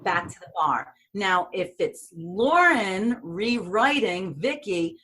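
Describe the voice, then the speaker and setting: In a slow, mid-range voice with a breathy edge, a middle-aged actress with a New York accent recounts set stories during an interview. She is animated throughout, voicing the characters and screaming at points.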